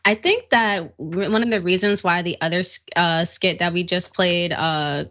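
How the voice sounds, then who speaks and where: A woman's voice: fairly low pitch, steady tone, normal speed, sharp tone, lo-fi sound. A woman co-hosting a commentary show, chatting in an amused, conversational way. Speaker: co-host. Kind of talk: casual chat.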